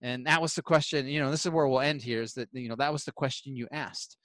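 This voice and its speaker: A man's voice: medium pitch, quick pace, no room sound. Male host, casual storyteller, acts out his quotes, close dry mic. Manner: animated, acts out quoted voices while retelling. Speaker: podcast host.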